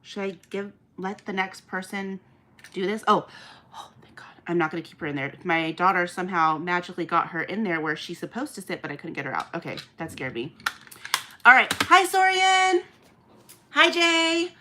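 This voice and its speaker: A woman's voice: fairly low pitch, brisk, bright, forceful tone. A woman hosting a live online auction, chatting casually with viewers and laughing often. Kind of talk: casual live-stream chat.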